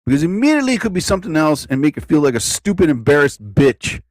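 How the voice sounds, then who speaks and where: Animated, cursing live-streamer man. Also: fairly high pitch, fast talker, dry recording. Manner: animated, profane, repeats himself. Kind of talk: rambling live-stream rant. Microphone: own desk mic.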